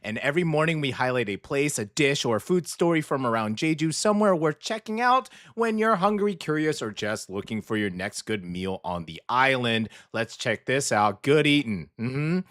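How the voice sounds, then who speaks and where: A male radio host talking casually, chatty and relaxed, often tagging his sentences with "okay?". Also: mid-range voice, normal speed, few pauses, no room sound, clean studio sound. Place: radio studio.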